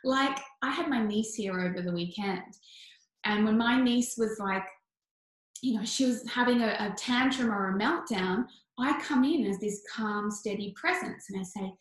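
A woman's voice: medium pitch, moderate pace. A woman coaching listeners in a flowing, soothing manner, repeating phrases as she answers questions in casual teaching talk. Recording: very echoey room.

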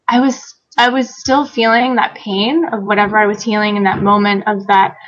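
A woman guest telling a personal story in a conversational interview, animated, laughing often and acting out quoted lines. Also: mid-range voice, moderate pace, dull audio. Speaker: guest author.

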